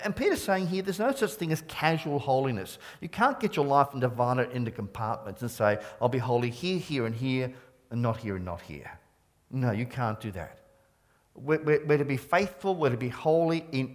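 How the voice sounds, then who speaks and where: A middle-aged Scottish-born pastor preaches a sermon earnestly and emphatically. His medium-pitched male voice carries an Australian accent with a trace of Scottish, and he often stumbles and restarts words.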